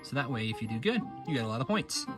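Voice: medium pitch, very animated, fast, over music, voice pushed down, close to an everyday voice. A performer voicing a sly, armless crocodile creature who coaxes and schemes, in an amateur plush-toy dub. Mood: coaxing. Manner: sly, coaxing.

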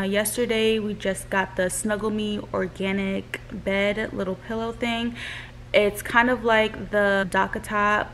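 A woman's voice: mid-range voice, fairly bright tone, a little hiss or hum. A young woman, a new mother, chatting casually to camera with many "like" fillers.

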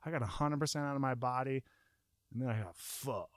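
Brief: man, young adult, casual swearing storyteller, dry close sound, jumps into shouted bits. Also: mid-range voice, fairly quick, dry recording. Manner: animated, profane, acts out his own panic with sudden shouts.

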